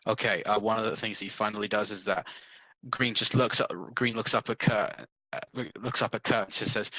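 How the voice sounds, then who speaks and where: A man's voice: lowish voice, level tone, brisk, pushed and bright, low-quality recording. A man playing a tabletop game, thinking aloud and restarting his sentences. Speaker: player.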